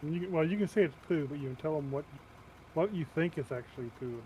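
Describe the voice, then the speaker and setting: A man chatting casually while playing a game with friends, easygoing, mixing short agreements with drawn-out remarks. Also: fairly high pitch, dark tone, a little hiss or hum, low-quality recording. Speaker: co-player. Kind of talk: casual gameplay chat.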